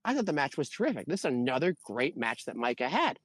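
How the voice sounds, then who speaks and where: A man co-hosting a wrestling review podcast, talking in an animated, exasperated rant. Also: mid-range voice, fast talker, dry recording. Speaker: podcast co-host. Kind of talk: casual wrestling review chat.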